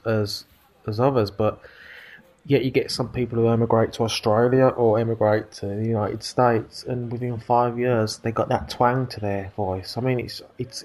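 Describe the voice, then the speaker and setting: A man with a Birmingham accent, explaining his views at length in a casual podcast chat. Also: on the low side. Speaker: podcast co-host.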